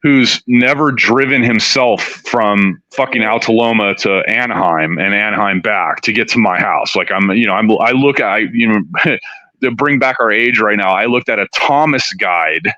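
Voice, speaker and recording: A man's voice: lowish voice, normal speed, sharp tone, dry recording. A middle-aged man from Southern California, telling a long story as an interview guest in a rambling, profane way, full of "you know". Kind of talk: casual storytelling. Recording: dull, dry studio sound.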